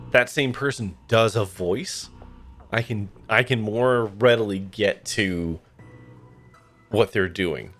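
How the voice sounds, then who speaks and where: A man streaming a game, chatting casually in a rambling way with lots of fillers. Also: lowish voice. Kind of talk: casual let's-play commentary.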